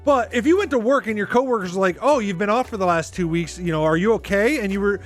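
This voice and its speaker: Podcast host, male, high voice, talks in a loose, exasperated ramble. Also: fast talker, soft background music. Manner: rambling, exasperated, heavy use of "like". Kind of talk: casual reaction commentary.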